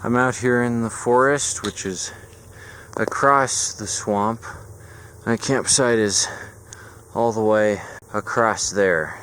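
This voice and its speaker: Young man, low voice, rambling, sarcastic, swearing, outdoor forest vlog, camera mic. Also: fairly even intonation, takes it slowly, pauses often, fairly bright tone, slight background noise. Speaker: vlogger. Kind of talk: casual vlog monologue.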